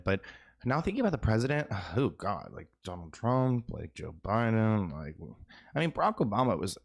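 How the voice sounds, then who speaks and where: A man narrating a video in a casual, chatty way, talking quickly with offhand asides. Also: medium pitch.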